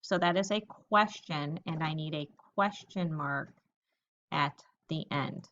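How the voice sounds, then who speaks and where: A woman teacher giving a recorded lesson to young children, reading example sentences slowly and thinking aloud about each one. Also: deep voice, fairly bright tone, muffled recording.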